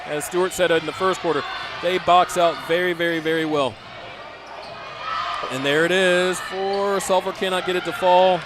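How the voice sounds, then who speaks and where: A man calling a high school basketball game play by play, with excited calls and chatty asides. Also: normal speed. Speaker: play-by-play announcer. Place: school gym broadcast booth. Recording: noisy gym ambience behind.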